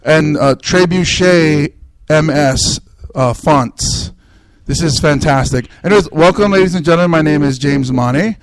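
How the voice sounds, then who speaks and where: A man's voice: fairly high pitch, background noise. Joking man hosting a podcast. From Samoan. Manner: joking, rambling, quick asides and self-mockery. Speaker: comedy podcast host. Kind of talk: casual comedic banter. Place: indoor club room.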